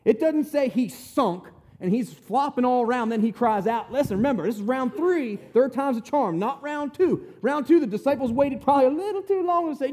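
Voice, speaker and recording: A man's voice: very high voice, animated, moderate pace, mellow. A man preaching a conversational sermon, retelling scripture in plain, folksy, emphatic words.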